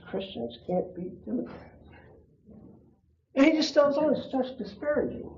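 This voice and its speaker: Lo-fi recording of a chatty class teacher, a man. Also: on the high side. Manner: conversational, laughs often, asks the class questions. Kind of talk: casual storytelling to a class. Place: church classroom. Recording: dull lo-fi room recording.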